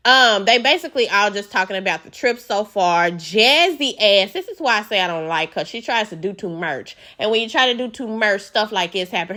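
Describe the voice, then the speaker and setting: Sassy woman vlogger, bright and sharp, outspoken recap host. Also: mid-range voice. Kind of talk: casual recap commentary.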